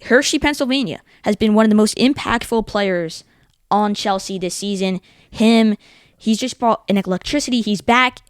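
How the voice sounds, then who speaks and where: A young man co-hosting a casual sports talk show, eagerly explaining teams and tournaments in quick runs of facts. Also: sits high, smooth, no room sound, clean studio sound.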